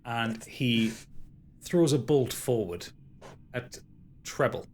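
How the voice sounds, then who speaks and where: A man narrating a tabletop game as game master, with animated, dramatic storytelling. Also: mid-range voice, slow pace, a little hiss or hum.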